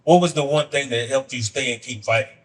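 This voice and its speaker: A man's voice: medium pitch, fairly quick, far from the mic, poor audio. A man hosting a podcast and talking loosely with lots of fillers as he moves between questions. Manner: loose, rambling, uses many fillers. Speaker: podcast host. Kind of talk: casual interview.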